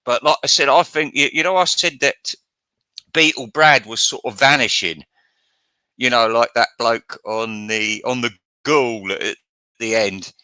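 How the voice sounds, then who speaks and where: A man's voice: mid-range voice, unhurried, bright, forceful tone, clean tone, dry recording. A man hosting his channel, ranting in a crude, profane, rambling and mocking monologue. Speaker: channel host.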